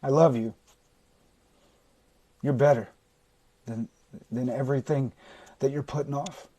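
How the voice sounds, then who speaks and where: A man's voice: medium pitch, fairly even intonation, a little slow. Blunt, intense recovery coach, man. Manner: blunt, swearing, intense; swings from shouting to quiet. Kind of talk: livestream talk to viewers. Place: indoors, livestream. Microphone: phone or webcam mic.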